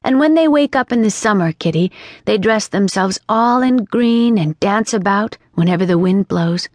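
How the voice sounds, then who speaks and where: A woman's voice: medium pitch, animated, moderate pace, darkish tone, dry recording, close to an everyday voice. A woman voicing a chatty, imaginative young girl in an audiobook, earnest and lilting. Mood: dreamy. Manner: earnest, scolding and dreamy by turns, lilting. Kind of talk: audiobook character reading. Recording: dry studio sound.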